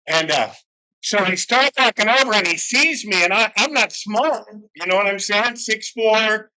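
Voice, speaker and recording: A man's voice: high-pitched, normal speed, bright, forceful tone, low-quality recording. A man sharing his recovery story at a meeting, candid, profane and self-mocking, in a room where a camera follows him. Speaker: alumni speaker at a recovery meeting. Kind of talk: personal recovery story share.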